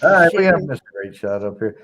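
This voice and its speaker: Man, relaxed folksy host, chuckles, middle-pitched voice, casual chat. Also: quick pace, slight background noise.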